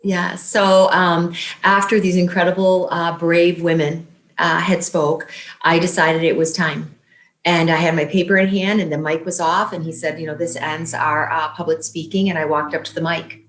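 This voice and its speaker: A woman guest telling an emotional personal story in earnest, quoting what was said back and forth. Her voice sits a little low, and it carries a roomy echo. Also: fairly even intonation, moderate pace, a bit bright. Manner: emotional, earnest, retells events with quoted dialogue. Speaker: interview guest.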